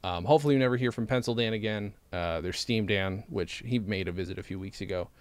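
A man co-hosting a comedy podcast, riffing playfully with quick asides. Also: fairly low pitch, no room sound. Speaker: podcast co-host. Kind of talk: casual comedy chat.

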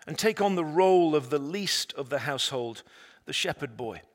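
A man preaching a sermon, retelling a story dramatically and swinging between loud, emphatic lines and hushed, quiet ones. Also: on the high side, expressive, normal speed. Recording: long reverb of a large hall.

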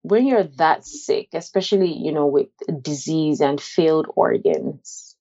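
Low-voiced woman telling her own story. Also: expressive, gravelly, dark tone, muffled recording. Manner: halting, conversational, many "like" fillers and restarts. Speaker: interviewee sharing a personal story. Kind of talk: candid personal testimony.

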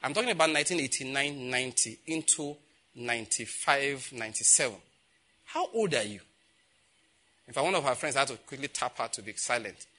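A man in his fifties with a Nigerian accent, a pastor preaching and telling personal stories, growing loud and emphatic when he acts out conversations. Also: medium pitch, quick pace. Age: 50s. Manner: animated storytelling, grows loud and emphatic when acting out dialogue.

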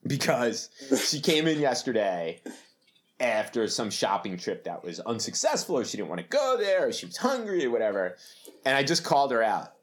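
A man's voice: mid-range voice, very animated, moderate pace. A middle-aged man co-hosting a podcast, chatting casually, laughing often and rambling through stories. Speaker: podcast co-host. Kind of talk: casual chat.

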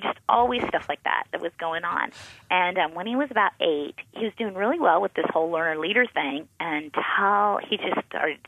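A woman, a pastor's wife and author, telling lively family stories as a radio guest and acting out the dialogue. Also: on the low side, creaky, dry recording. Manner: lively anecdotes, acts out quoted dialogue. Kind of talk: animated personal storytelling in a radio interview. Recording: phone-like narrow sound.

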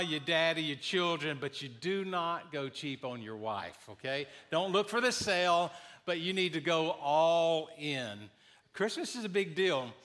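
A man with a high, bright voice delivers a sermon from a church sanctuary. He moves between easy storytelling and emphatic, rising declarations of faith. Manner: warm storytelling, builds to emphatic preaching. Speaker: pastor. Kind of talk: sermon with jokes.

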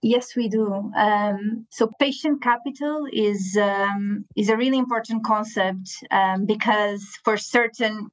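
A woman, an impact investor, explaining her view in a podcast discussion, thoughtful with frequent pauses. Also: medium pitch, poor audio. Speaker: impact investor, panel guest.

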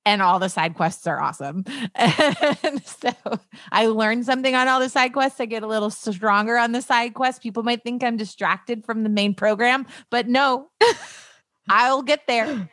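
A woman's voice: a little high, unhurried, a bit bright, dry recording. A woman hosting a podcast in a chatty, casual way, laughing often as she talks. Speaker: podcast host. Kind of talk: casual chat.

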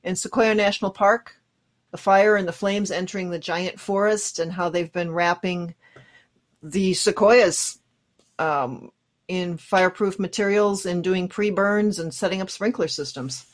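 A woman's voice: fairly low pitch, fairly even intonation, measured pace. Woman co-hosting a radio talk show. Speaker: radio co-host.

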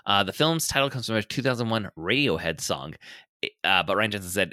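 Man, podcast host, bright forceful tone, lower voice, chatty trivia, filler words, casual film chat. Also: expressive, fairly quick, no echo, studio quality. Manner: chatty, sharing trivia with frequent fillers and laughs.

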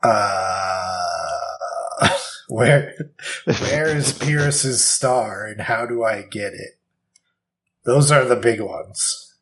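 Slow-talking deadpan man playing a game. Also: mid-range voice. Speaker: player.

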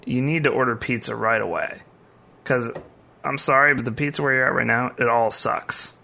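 A young man from the United States speaks with a bright, forceful tone and a mid-range pitch. He trades blunt, laughing banter and reads listener mail on a casual podcast. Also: normal speed, vocal fry, a little hiss or hum. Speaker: podcast co-host. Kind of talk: casual chat.

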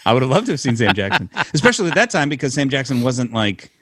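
A man's voice: mid-range voice, big pitch swings, quick pace, fairly bright tone, a little hiss or hum. A young adult man co-hosting a podcast, trading loose, opinionated banter, swearing and laughing often. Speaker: podcast co-host. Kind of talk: casual chat.

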